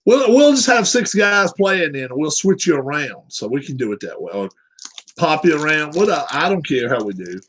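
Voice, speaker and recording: A man's voice: fairly high pitch, very animated, normal speed, a bit bright, poor audio. A man hosting a live stream, chatting casually with his viewers in a rambling way while setting up a game.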